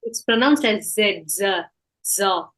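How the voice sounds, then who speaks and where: A woman's voice: mid-range voice, takes it slowly, fairly bright tone. A woman student with a mid-range voice who repeats letter sounds back to her tutor. She speaks tentatively and asks short questions when unsure. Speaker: language student. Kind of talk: online lesson, repeating after tutor.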